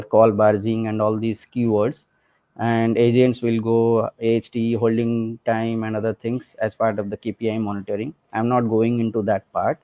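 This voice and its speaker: A man presenting a technical walkthrough of a software demo, speaking conversationally with many fillers and "okay" and "right?" checks. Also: lowish voice, dull audio.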